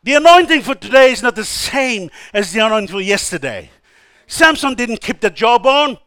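A man preaching a sermon, emphatic and exhorting, who often calls out hallelujah and swings between soft asides and loud declarations. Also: extremely high pitch, sing-song, normal speed, clean tone, dry recording.

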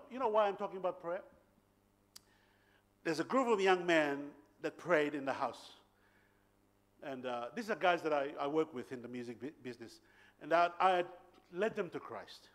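Male preacher, high voice, animated storyteller, laughs a lot. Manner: animated, laughing storyteller with bursts of loud emphasis. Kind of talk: sermon storytelling.

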